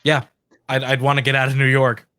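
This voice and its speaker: A man's voice: mid-range voice, monotone, fairly quick, pushed and bright, smooth. A man co-hosting a casual show chat, enthusiastically plugging upcoming episodes. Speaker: co-host.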